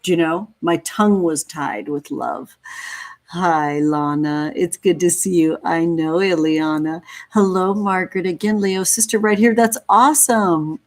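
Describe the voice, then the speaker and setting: A woman in her thirties from California hosts a tarot livestream, greeting viewers with gushing affection and calling them honey and sweetie. Her voice is lowish, fairly even in intonation, and unhurried.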